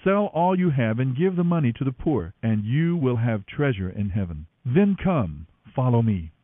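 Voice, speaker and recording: An earnest, measured male teacher, gentle yet firm, as a man reads him out with a lively rising and falling delivery. The sound is dry and narrow, like a phone line. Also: mid-range voice, no room sound.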